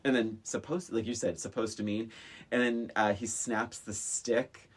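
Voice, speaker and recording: A man co-hosting a podcast in casual chat, excitable, laughing often as he acts out film scenes. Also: on the low side, measured pace, breathy edge. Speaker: podcast co-host.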